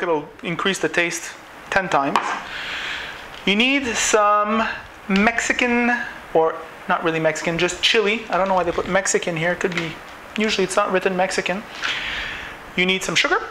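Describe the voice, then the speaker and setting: A man's voice: high voice, noisy background. Chatty man cooking. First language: French. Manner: chatty, rambling, full of fillers. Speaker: home cooking show host. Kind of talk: casual cooking demonstration.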